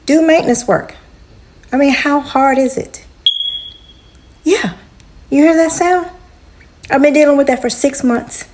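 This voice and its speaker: Woman, casual vlog, fed up, drawn-out slow delivery. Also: high voice, a little mellow, slight background noise. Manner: exasperated, talks straight to viewers. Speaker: vlogger. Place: apartment at home.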